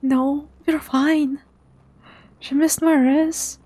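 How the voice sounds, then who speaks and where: A young woman, quietly commentating a live game stream in a hushed, soft voice. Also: high-pitched, little pitch movement, very slow. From Russia. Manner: hushed, softly spoken to avoid making noise.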